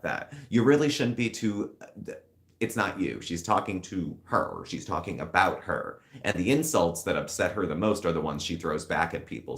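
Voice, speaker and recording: A low-voiced man talks through a casual live-stream commentary in a lively, swinging tone. He is chatty and sardonic, and he drops into sudden mocking asides. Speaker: commentary channel co-host.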